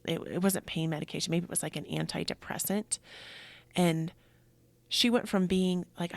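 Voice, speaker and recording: Soft-spoken woman with a gravelly low voice. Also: dry recording. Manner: soft and earnest, often dropping to a breathy whisper. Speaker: yoga teacher and podcast host. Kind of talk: reflective spoken monologue.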